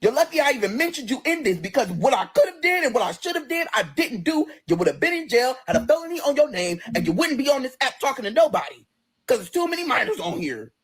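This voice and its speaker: Husky sassy livestreamer ranting hard into a phone, swears nonstop, pitch swinging all over. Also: very animated, quick pace. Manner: combative, profane, sassy. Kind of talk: profane livestream rant.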